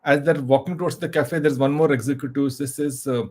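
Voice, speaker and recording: A man's voice: mid-range voice, fairly even intonation, a little mellow. A man telling a motivational story informally, with frequent restarts and hesitations. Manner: halting, full of restarts and fillers.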